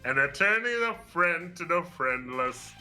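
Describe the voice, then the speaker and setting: A man's voice: fairly high pitch, expressive, normal speed, pushed and bright, soft background music. A man voicing a boisterous, teasing grown man who slips into pirate talk, in a fan dub of a game. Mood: jovial. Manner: hammy, exclamatory, teasing. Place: home voice chat with game music behind.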